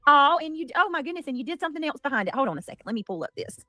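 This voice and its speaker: Bubbly livestream host, higher voice. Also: female voice, racing, dry recording, studio quality. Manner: effusive, greets viewers by name, squeals with excitement. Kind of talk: casual livestream chat.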